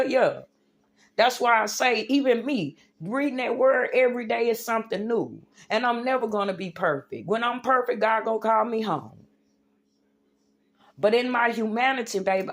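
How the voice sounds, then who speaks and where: A woman's voice: a little high, moderate pace. A woman livestreaming an impassioned religious rant, preachy and emphatic, calling her viewers y'all and baby.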